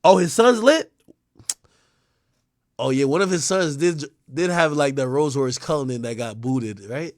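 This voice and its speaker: A young man on a live stream, commenting bluntly and profanely, rambling between mutters and loud outbursts. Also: high voice, normal speed, dry recording, clean studio sound. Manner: animated, swings from mumbling to shouting.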